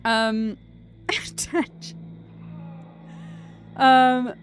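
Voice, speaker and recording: A woman's voice: sits high, very slow. Young Northern English woman, game streamer, rambly casual chat, faint music underneath. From Greater Manchester, England. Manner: rambling and chatty, with frequent fillers.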